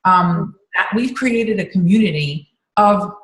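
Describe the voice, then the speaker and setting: Casting: woman team coach, low-ish voice, loose rambling talk, echoey room sound. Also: a little slow. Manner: rambling, many fillers and restarts. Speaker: team coach on a group call. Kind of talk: casual team call chat.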